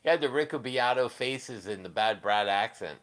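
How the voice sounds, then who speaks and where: A man chatting casually on his live stream and answering viewers in a rambling, crude way, with quick laughs and many restarts. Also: medium pitch, expressive, fairly bright tone.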